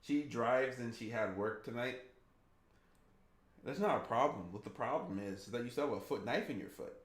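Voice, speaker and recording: Guy streaming a game n chatting w his viewers, roomy echo, mid pitch. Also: moderate pace. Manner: chatty, reacts to chat with laughs. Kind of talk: casual game stream chat.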